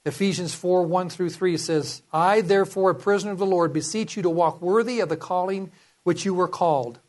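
Guy preaching a sermon, pretty high voice, earnest and pushy, reads verses out. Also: brisk, a little mellow. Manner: earnest, urging, quotes scripture aloud.

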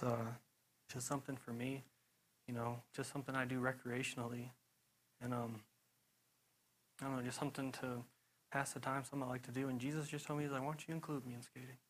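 Young man preaching, rambling and animated. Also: mid-range voice, slight background noise, poor audio. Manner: rambling, animated storytelling with frequent "you know" and laughs. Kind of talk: casual sermon testimony.

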